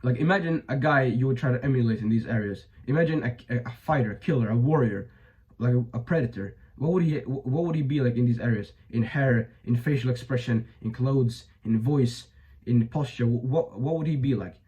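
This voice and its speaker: A man's voice: medium pitch, fairly quick, a little mellow, lo-fi sound. A young man giving blunt, profane advice in a casual monologue, full of fillers and restarts, his voice a bit strained. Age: young adult. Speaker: vlogger.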